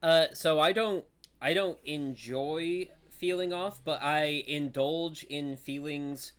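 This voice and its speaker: A man's voice: fairly high pitch, slow, smooth. Earnest, reflective man in casual chat. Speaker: podcast co-host.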